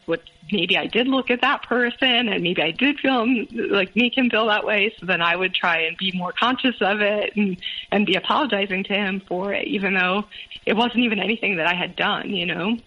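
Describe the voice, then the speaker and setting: A woman in her thirties, a guest recounting her own past in a halting way, with many fillers and restarts. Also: medium pitch. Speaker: interview guest. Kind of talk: candid personal storytelling. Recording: muffled phone-line audio.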